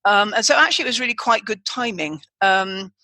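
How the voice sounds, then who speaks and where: A woman's voice: mid-range voice, lively intonation, fairly quick, sharp tone, dry recording. A woman hosting a podcast in casual chat, rambling along with restarts and asides. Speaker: podcast host.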